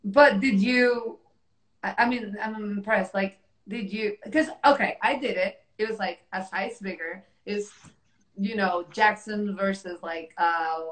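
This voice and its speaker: A woman hosts a relaxed conversation, talking with many fillers and dramatic quoted lines. Her voice sits in the middle of the range and sounds through an echoey room. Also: mid-range voice, a little slow. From Mexico. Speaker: host and technical specialist. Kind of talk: casual interview chat.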